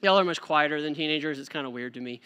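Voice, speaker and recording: High bright guy preaching, chatty and jokey, big echoey church hall. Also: quick pace, clear, resonant tone. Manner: conversational, joking, animated. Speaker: youth pastor preaching. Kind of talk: sermon. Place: church sanctuary.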